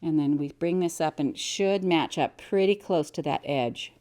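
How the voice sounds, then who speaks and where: A woman's voice: deep voice, normal speed, warm tone. A middle-aged American woman teaching quilting, chatting cheerfully as she explains each step while she cuts and sews. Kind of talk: hands-on sewing tutorial.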